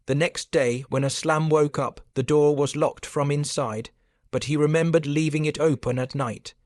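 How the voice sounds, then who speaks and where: A man narrating a scripted supernatural story in a steady, even storytelling manner. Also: a little high, moderate pace, no room sound. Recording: dry close recording.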